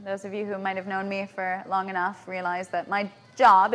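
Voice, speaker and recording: A woman's voice: medium pitch, normal speed. Female lecturer, mid-range voice, conversational teaching style, peppers points with "right?" and "yeah?". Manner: checks in with listeners with frequent tag questions. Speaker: natural hygienist giving a lecture. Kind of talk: lecture to a live audience. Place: lecture venue in Bali.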